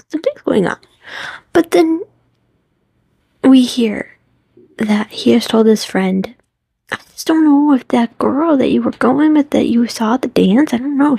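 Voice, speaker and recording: Slow, gravelly-voiced woman gushing softly. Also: fairly high pitch, no room sound. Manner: gushing, often drops into whispers, acts out quotes. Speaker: vlogger. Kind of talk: casual movie recap.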